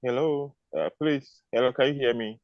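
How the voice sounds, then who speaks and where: A man, a nurse, calling in to a webinar and asking his question in a hesitant, halting way. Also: medium pitch, no echo, muffled recording. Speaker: caller, nurse. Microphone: video call.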